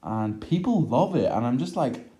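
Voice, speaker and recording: A man's voice: mid-range voice, sing-song, normal speed, dark tone. A young man giving an exasperated, profane film review rant, full of filler words and groans of disgust. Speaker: movie reviewer.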